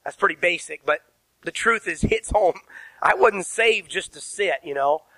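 A man's voice: sits high, expressive, normal speed, sharp tone, no room sound, rough recording. A man preaching a sermon as pastor in a church, emphatic, asking the congregation questions and spelling words out. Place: church sanctuary.

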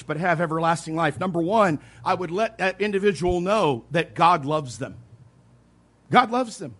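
A pastor preaching a sermon, earnest and emphatic, repeating key points, with quiet asides between louder stresses. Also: male voice, high-pitched. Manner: earnest preaching, emphatic repetition, occasional soft laughs.

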